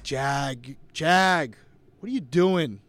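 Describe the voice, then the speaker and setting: A young man co-hosting a podcast, calling a live watch-along with excitable play-by-play commentary. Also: a little high, drawn-out words, slight background noise. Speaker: podcast co-host.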